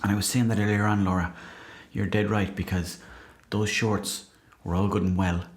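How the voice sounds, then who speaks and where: A low-pitched Irish man who hosts a comedy podcast. He reads listener messages with dry, deadpan timing, swears freely, and slips into mock outrage. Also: moderate pace. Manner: deadpan, profane, mock-indignant. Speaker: podcast host. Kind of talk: comic monologue reading listener messages.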